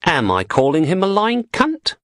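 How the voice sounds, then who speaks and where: A man's voice: high voice, wildly swooping pitch, normal speed, a bit bright, no echo, clean studio sound, voice pushed up, full character voice. A man voicing a cold, menacing woman enforcer with a posh English accent, speaking in a clipped, cool way. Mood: cold menace.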